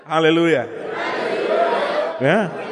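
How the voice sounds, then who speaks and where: A male pastor preaching a humorous sermon, animated, joking and laughing as he talks. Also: a little high, slow, over a noisy crowd, very noisy. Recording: live with congregation heard.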